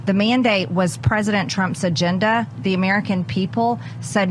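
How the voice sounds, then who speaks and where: A woman's voice: mid-range voice, fairly even intonation, moderate pace, hardly any pauses, slight background noise. A woman politician giving a TV news interview, pressing her points hard and repeating them for emphasis.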